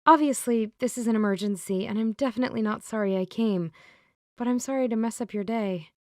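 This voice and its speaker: Woman doing an anxious young woman, urgent, higher than her narration. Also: a little fast, no echo, studio quality, lightly acted.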